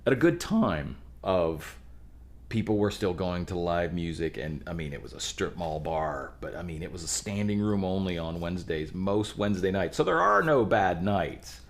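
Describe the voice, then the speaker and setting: A man from the Pittsburgh area, a musician guest on a podcast, telling band stories in an animated, rambling way with frequent restarts. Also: sits low, normal speed. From Pittsburgh area, USA. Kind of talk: casual chat.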